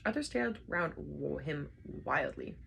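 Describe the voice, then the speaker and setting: A woman reading a novel aloud with expressive storybook narration. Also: deep voice, slow, gravelly, slight background noise. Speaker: reader.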